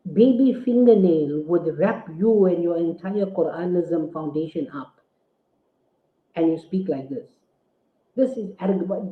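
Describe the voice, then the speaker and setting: A man, an Islamic scholar, delivering a forceful, indignant rebuttal full of rhetorical questions. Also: high voice. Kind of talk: preaching rebuttal. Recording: tinny phone-like audio in an echoey room.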